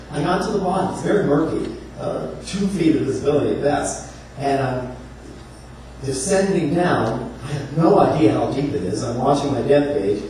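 A man preaching a sermon, telling the story in an animated, humorous way and acting out voices. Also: mid-range voice. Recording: echoey room from far off, faint noise.

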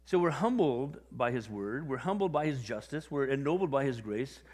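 Animated conversational male preacher. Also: mid-range voice, moderate pace, in a large hall. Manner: conversational, animated, acts out quotes. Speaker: pastor. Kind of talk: sermon.

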